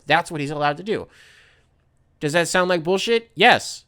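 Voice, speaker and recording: A man's voice: on the high side, animated, normal speed, long pauses, bright, forceful tone. A man hosting a podcast alone, ranting casually with profanity and sarcastic impressions. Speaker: podcast host. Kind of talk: casual solo rant.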